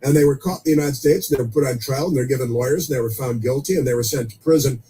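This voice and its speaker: A man's voice: mid-range voice, rapid-fire, mellow, a little hiss or hum, rough recording. A man hosting a political talk radio show, delivering a sarcastic monologue full of scornful asides. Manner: sarcastic, scornful asides and mocking quoted voices.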